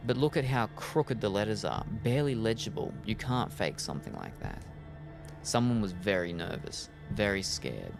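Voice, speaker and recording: A gravelly, low-voiced vampire mentor, as a man puts him on while reading game dialogue aloud. He is cynical and streetwise, with clipped, world-weary phrasing. Game music plays behind him.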